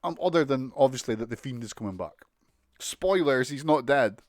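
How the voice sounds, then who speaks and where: A man's voice: medium pitch, expressive, moderate pace, no room sound, clean studio sound. A man with a British accent giving a casual, sweary, mocking recap of a wrestling show. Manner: sweary, mocking, exasperated ranting with laughs.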